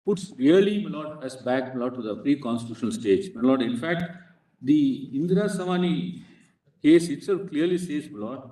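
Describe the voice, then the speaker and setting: A man's voice: on the high side, mellow. A man with an Indian English accent arguing formally before a court bench, insistently addressing the judges as "Lord" in almost every phrase. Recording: echoey courtroom, speaker far from mic.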